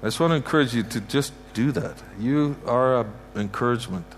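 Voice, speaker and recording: A man's voice: medium pitch, fairly quick, a little hiss or hum. A man from Canada preaching a heartfelt sermon, repeating his points with emphasis and pronouncing blessings over a church congregation. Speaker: guest preacher. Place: church sanctuary.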